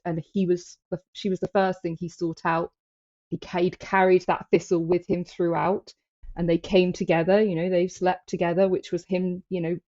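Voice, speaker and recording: A woman's voice: fairly low pitch, dark tone. A woman co-hosting a casual film discussion, talking thoughtfully with hesitations. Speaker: podcast co-host. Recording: dull lo-fi audio.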